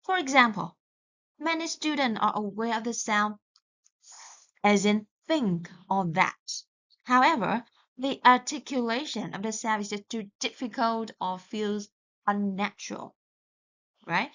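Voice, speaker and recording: A woman teaching English pronunciation in a recorded lesson, speaking slowly and deliberately and correcting herself along the way. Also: a little high, sharp tone. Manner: slow and deliberate, with self-corrections. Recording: dull lo-fi sound.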